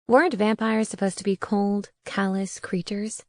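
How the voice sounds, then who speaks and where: A woman's voice: mid-range voice, normal speed, no echo. A woman narrating a first-person audiobook in a wry, conversational way on a close studio mic.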